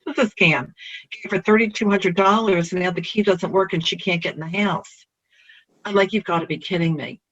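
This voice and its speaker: Animated realtor telling a story on a dull recording. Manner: animated storyteller, pitch jumping with emphasis. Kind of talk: personal anecdote.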